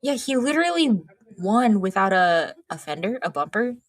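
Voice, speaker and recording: A young woman co-hosting a sports podcast, with a mid-pitched voice recorded dry and close. She tells her stories in a wry, conspiratorial tone. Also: big pitch swings, moderate pace, no room sound. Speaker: podcast co-host. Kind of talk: casual comedic sports chat.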